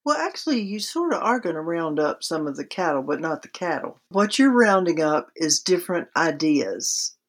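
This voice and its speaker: A woman's voice: deep voice, very animated, normal speed, hardly any pauses. Woman explaining with practical examples. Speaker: writing instructor guest. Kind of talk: podcast interview.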